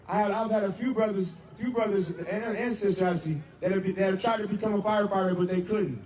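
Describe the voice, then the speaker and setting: Heard distantly amid a loud street crowd, a protest leader shouts a rally speech in a high-pitched voice, fairly quickly, with reverberation. He calls out chants for the crowd to answer and keeps repeating "am I right or am I right".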